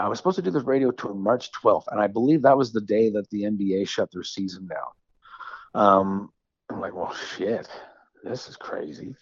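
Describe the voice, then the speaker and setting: A man, a musician guest, talking casually in an interview, rambling with halting restarts and self-deprecating asides. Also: lowish voice, dry recording, dull audio.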